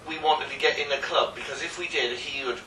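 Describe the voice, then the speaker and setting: A man's voice: medium pitch, brisk, sharp tone, slight background noise. Hesitant man telling a story. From England. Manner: hesitant, with ums and restarts, defensive. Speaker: co-host. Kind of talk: casual storytelling chat. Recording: roomy echo, mic at a distance.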